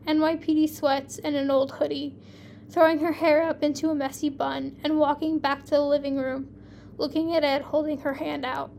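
A woman hosting a podcast, reading her fan fiction aloud in a plain, even storytelling way with small slips. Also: high voice, gravelly, a little hiss or hum.

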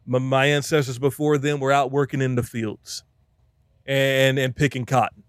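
A man's voice: medium pitch, level tone, normal speed, clear, resonant tone, dry recording, clean studio sound. A man preaching in a podcast chat, emphatic and repeating phrases for effect. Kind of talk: animated sermon-style talk.

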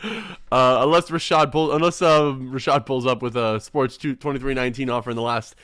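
A young man hosting a casual sports podcast, excitable and quick to laugh, often restarting his sentences. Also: mid-range voice, clear, resonant tone, dry recording, studio quality. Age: young adult. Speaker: podcast host.

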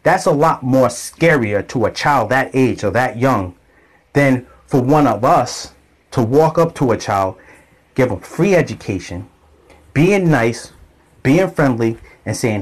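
Man, casual monologue, repetitive, mid pitch, unscripted. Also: animated, measured pace. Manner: rambling, repetitive, conversational. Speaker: vlogger telling a story.

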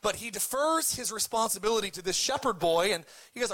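A man's voice: high-pitched, expressive, a little fast, a bit bright. A man preaching a sermon as pastor, cracking jokes, retelling scripture casually and having the congregation repeat words back. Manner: joking, leads the congregation in call-and-response.

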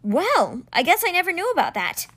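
A woman reading a storybook aloud, voicing a worried, blunt teenage boy who speaks loudly and insistently. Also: very high-pitched, huge pitch swings, normal speed, voice pushed up, heavily acted. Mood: agitated.

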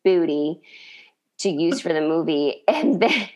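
Woman chatting about a tv scene, lively, acts out the lines. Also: low-pitched, a little slow. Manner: animated retelling, acts out quotes, laughs often. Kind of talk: casual chat.

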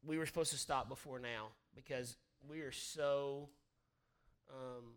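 A man's voice: mid-range voice, fairly even intonation, a little slow, clean tone. A man pastor who cuts in with playful remarks during a sermon. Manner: playful interjections. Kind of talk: sermon, casual chat.

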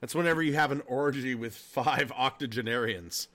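Bright-voiced profane podcast host. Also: male voice, medium pitch, moderate pace, a little hiss or hum. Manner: profane, laughing, animated storytelling. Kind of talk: casual chat.

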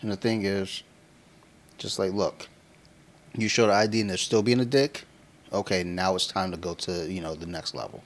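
A man's voice: low-pitched, fairly even intonation, normal speed, long pauses. A man in his thirties co-hosting a podcast, telling loose, profane stories in casual chat and laughing often. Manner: laughs often while talking. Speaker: podcast co-host.

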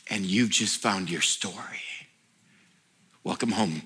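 A male pastor voicing God as a gentle, teasing father who speaks low and soft. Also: lively intonation, slow. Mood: tender.

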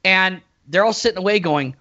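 A high-voiced man chats loosely about a film, piling restarts into animated retellings. The sound is dull and lo-fi. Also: a little fast. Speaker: podcast co-host. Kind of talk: casual movie discussion.

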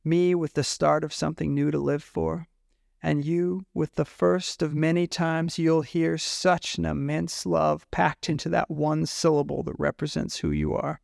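A man voicing a warm, kindly Australian man who speaks in a tender, reassuring way. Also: fairly high pitch, little pitch movement, unhurried, vocal fry, no room sound, studio quality.

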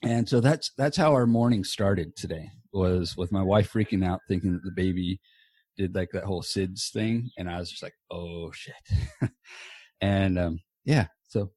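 Guy hosting a podcast from his home office, low-ish voice, dry close sound, rambly and swears a bit. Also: normal speed, a little mellow, slightly rough, dry recording. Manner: rambling, loose, swears casually. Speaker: podcast host. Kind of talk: casual chat. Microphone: earbuds.

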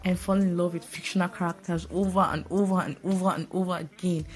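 A woman's voice: low voice, darkish tone. A woman hosting a casual solo podcast voice note, chatty and playful with self-mocking asides. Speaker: podcast host.

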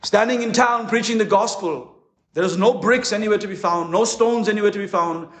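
A man preaching a conference sermon as a pastor, impassioned, with dramatic pauses. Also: high-pitched, a bit bright. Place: conference hall. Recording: echoey hall.

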